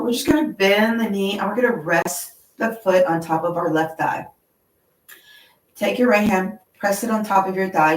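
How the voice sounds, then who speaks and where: A woman leading a yoga class, gently talking students through stretches and breathing and checking in with "okay?". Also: medium pitch, echoey room, far from the mic, low-quality recording. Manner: slow, gentle and encouraging, with frequent "okay?". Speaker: yoga instructor. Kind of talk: guided yoga class instruction. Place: yoga studio.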